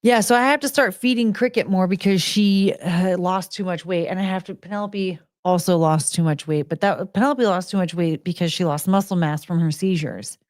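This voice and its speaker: A woman chatting away casually with her audience, her voice set close and dry with no room sound. She drifts into soft, cooing baby talk for her dogs, laughs often and lets her sentences trail off. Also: on the low side, brisk, few pauses, dry recording. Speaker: streamer hosting her own show. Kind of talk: casual chat with viewers.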